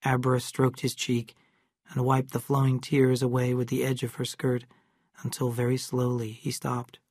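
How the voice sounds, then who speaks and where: A narrator reading a classic novel aloud in slow, clear, evenly paced English for learners. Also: mid-range voice, monotone, a little mellow, dry recording, studio quality.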